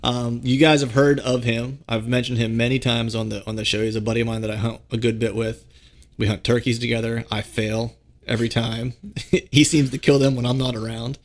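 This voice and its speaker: Laid-back gravelly male podcast host. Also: medium pitch, flat delivery, a little fast. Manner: easygoing, laughs often, restarts phrases. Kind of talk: casual podcast chat and read ads.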